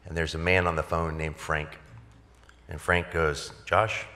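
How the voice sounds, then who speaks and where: A man's voice: a bass voice, level tone, unhurried, bright, forceful tone, in a large hall. A man, a pastor, telling a personal story at a gala in a candid, conversational way with wry humor. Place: large event hall.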